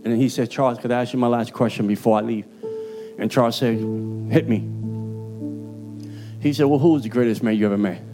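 A man with a Puerto Rican accent delivers a sermon in a mid-range voice. His preaching is emphatic and streetwise, and his voice jumps up for the punchlines. Guitar music plays clearly underneath. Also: medium pitch, fairly even intonation, fast. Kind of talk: sermon with altar call.

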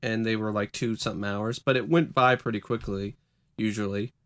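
A young college student co-hosting a podcast, rambling and hesitant, often correcting himself. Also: male voice, on the low side, steady tone, fairly quick, a bit bright. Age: young adult. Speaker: podcast co-host. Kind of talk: casual chat.

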